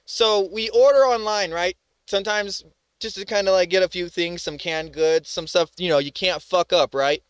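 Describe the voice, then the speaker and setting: A man's voice: sits high, fairly even intonation, normal speed, fairly bright tone, clean tone, no echo. A man hosting a live stream, ranting furiously with heavy swearing about a bad delivery. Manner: furious, profane, emphatic. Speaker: streamer host. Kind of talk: angry ranting commentary.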